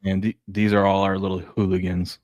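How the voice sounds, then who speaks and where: Low-pitched guy co-hosting a sports show, easygoing storyteller, dry close sound. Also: little pitch movement, fairly quick, a little mellow, dry recording, muffled recording. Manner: laid-back storytelling with laughs. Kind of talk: casual chat.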